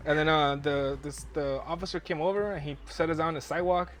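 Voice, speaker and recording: A young man talks quickly in a slightly high voice, spinning a rambling, profane story for his podcast. He laughs through the telling, and music plays clearly in the background. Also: steady tone, a bit bright. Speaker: podcast host. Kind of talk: casual storytelling chat.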